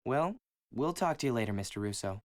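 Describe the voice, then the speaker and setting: A man's voice: medium pitch, expressive, a little fast, dry recording, studio quality, lightly acted. A young man voicing a polite, earnest amateur detective asking questions in a video game. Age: young adult. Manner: polite, matter-of-fact questioning.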